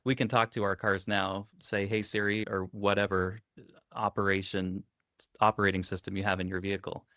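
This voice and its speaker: A man co-hosting a tech podcast, talking in a relaxed, upbeat, conversational way. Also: on the low side, moderate pace, no echo, clean studio sound. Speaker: co-host. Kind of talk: casual tech podcast chat.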